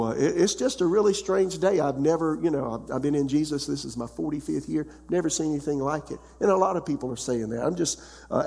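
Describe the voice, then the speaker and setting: Pastore anziano, predica colloquiale, voce alta, sala riverberante. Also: male voice, on the high side, darkish tone, in a large hall. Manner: conversational preaching, asks the congregation questions. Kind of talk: sermon.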